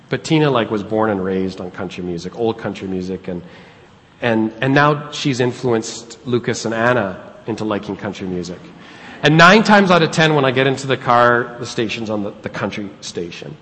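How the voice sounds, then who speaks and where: Middle-aged male pastor, mid-pitched voice, earnest conversational sermon, long hall reverb. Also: a bit bright, a little hiss or hum. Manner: earnest, conversational preaching with pauses.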